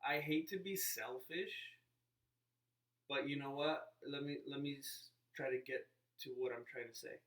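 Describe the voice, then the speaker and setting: Brief: male vlogger, middle pitch, rambling off-the-cuff monologue, a bit distant and roomy. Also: fairly even intonation, normal speed, fairly bright tone. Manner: rambling, self-interrupting, playfully mimics others. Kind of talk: casual vlog monologue. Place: inside a parked car.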